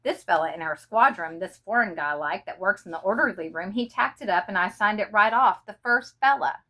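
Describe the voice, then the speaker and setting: A teenage soldier, wet and desperate, pleading urgently with his officer, as a woman reading a story voices him. The tone is bright and pressing at a middle pitch. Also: a little fast, natural voice. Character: very young male soldier, pleading and upset.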